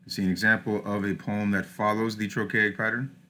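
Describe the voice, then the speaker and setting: Lowish-voiced man lecturing over slides. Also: little pitch movement, brisk, sharp tone. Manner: explanatory, frequent "all right" and "uh" fillers. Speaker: teacher.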